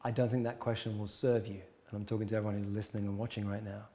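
A man's voice: lowish voice, little pitch movement, racing, mellow. A man speaking as a coach in an interview, earnest and emphatic, repeating his key points. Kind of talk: conversational interview.

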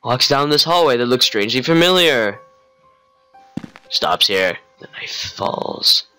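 A man's voice: mid-range voice, animated, unhurried, sharp tone, clear, resonant tone, faint music behind. A young man giving sarcastic let's play commentary on a horror game. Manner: wry, sarcastic narration of the action. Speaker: gamer playing a horror game.

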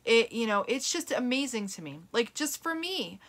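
A middle-aged woman with a sing-song, slightly bright voice on the high side hosts a plant-based health show, speaking at a moderate pace. Addressing viewers and podcast listeners casually and earnestly, she rambles with fillers and restarts.

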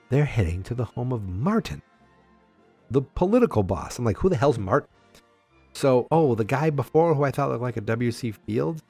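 Animated man recapping a comic. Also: medium pitch, vocal fry, slightly rough. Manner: animated, acts out character lines with voices, asides and fillers. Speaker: podcast host. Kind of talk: casual comic book recap.

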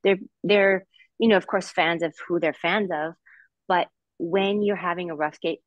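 A woman's voice: lowish voice, steady tone, moderate pace, dry recording, lo-fi sound. Reflective woman, dry close sound. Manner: reflective, many restarts and fillers. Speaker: guest, former figure skater. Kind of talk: podcast discussion.

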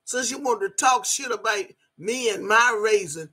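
This is an older woman from Alabama with a thick Southern accent, hurling profane insults in a heated livestream rant. Her voice is husky and cutting, with a bright, tense edge that flares into shouting. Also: on the high side, moderate pace.

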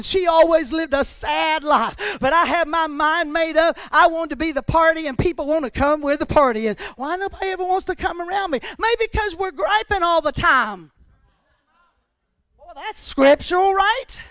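A woman pastor preaching a sermon with passion, often shouting and then dropping to a hush. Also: extremely high pitch, no room sound. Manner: impassioned preaching, often shouting, swings between loud and hushed.

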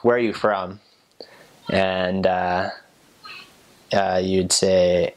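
A young American man explaining things in a casual, halting way, often laughing at himself. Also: sits low, level tone. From United States. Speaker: interviewee.

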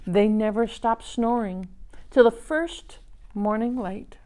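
A woman librarian leading a toddler storytime, reading in a slow, sing-song, animated way with loud sound-effect shouts. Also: a little high. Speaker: children's librarian.

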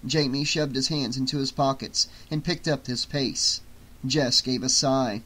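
A man narrating an audiobook in a steady, measured reading. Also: mid-range voice, slightly rough. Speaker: audiobook reader.

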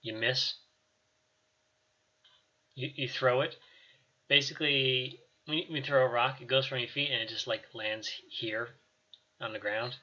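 Bright-voiced man running a tabletop game. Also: medium pitch, fairly even intonation, unhurried, pauses often, dull audio. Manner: casual, rambling with fillers and laughs. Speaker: game master.

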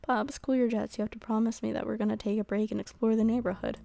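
A sassy teenage daughter with a quick, teasing delivery, put on by a woman. The voice sits high and cheeky, with a slight rasp of fry underneath. It's a story game read aloud. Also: flat delivery, dark tone.

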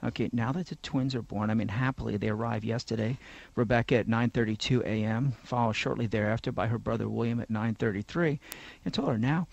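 A man's voice: medium pitch, fairly quick, creaky, dry recording. A man hosting a talk radio show in a studio, chatting casually and telling rambling, joking stories. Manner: rambling, joking, animated storyteller.

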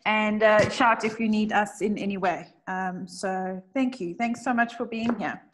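A woman's voice: medium pitch, a little slow. Woman moderating a webinar call. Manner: friendly, reads out questions. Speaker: therapist co-hosting a webinar. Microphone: video call.

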